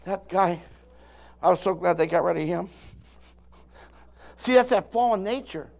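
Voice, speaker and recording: A man's voice: high voice, a little slow, vocal fry, darkish tone. A man in his sixties preaching a sermon as pastor, emphatic, with call-and-response asides and many repeated, restarted words.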